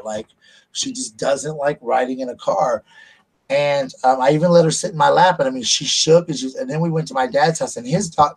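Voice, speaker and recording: Husky-voiced man telling stories. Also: a little high, low-quality recording. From United States. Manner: chatty, laughs at his own stories. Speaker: vlogger. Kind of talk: casual storytelling.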